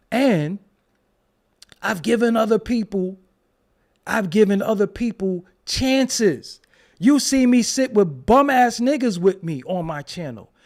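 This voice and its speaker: A man hosts a live stream and rants at his chat with a lot of profanity and mockery, breaking into laughter often. His voice sits high for a man and swings wildly in pitch, with a gravelly edge throughout. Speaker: show host.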